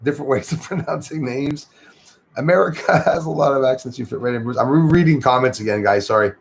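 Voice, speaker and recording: A man's voice: mid-range voice, fast, gravelly, a little hiss or hum. A man hosting a casual livestream from home, chatting loosely, reading out viewer comments and greeting viewers, sometimes in French. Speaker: livestream host. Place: home in Canada near the Michigan border.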